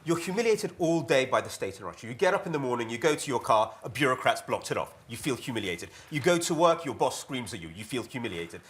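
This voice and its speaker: A man speaking on a public panel as a former TV producer, animated with quick repeated asides. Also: mid-range voice, husky. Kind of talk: panel discussion talk.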